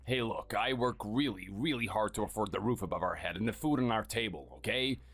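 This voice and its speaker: A man's voice: a little fast, fairly bright tone, husky, soft background music. A man playing a scornful, bossy husband who belittles his spouse, in a dramatized story. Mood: contemptuous. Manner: sneering and dismissive, low and clipped.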